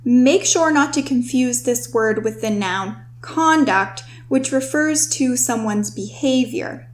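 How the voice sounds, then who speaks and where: A young woman with a fairly high voice hosts a scripted vocabulary lesson. She explains each word clearly and instructively, and she slows down to stress the key terms. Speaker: host and writing tutor.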